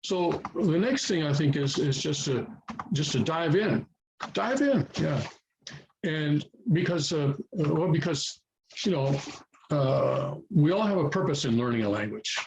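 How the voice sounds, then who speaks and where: A man's voice: fairly high pitch, a little slow, vocal fry, slight background noise, poor audio. Hesitant man giving a casual lesson. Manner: hesitant, many fillers and restarts. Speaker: language teacher. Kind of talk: casual spoken lesson to viewers.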